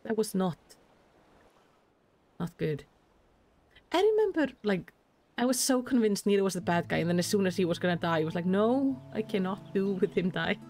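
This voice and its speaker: A woman's voice: mid-range voice, big pitch swings, moderate pace, pauses often, darkish tone. A woman streaming a game, chatting casually between lines of game dialogue she reads aloud, with lots of "like".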